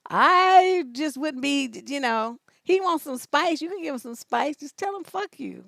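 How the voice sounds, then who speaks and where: A high-pitched woman coach talks through viewers' dating questions in a loose, joking livestream manner. She is blunt and swears freely. Her voice sits close to the mic in a dry, dead room. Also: expressive, unhurried, gravelly, hardly any pauses, fairly bright tone, no room sound. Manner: blunt and profane, joking, reads questions aloud. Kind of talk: casual livestream advice chat.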